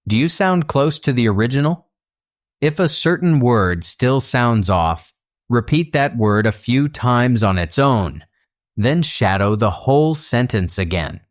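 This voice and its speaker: A man reading a scripted audiobook lesson in an even, measured instructional manner. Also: medium pitch. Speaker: audiobook narrator.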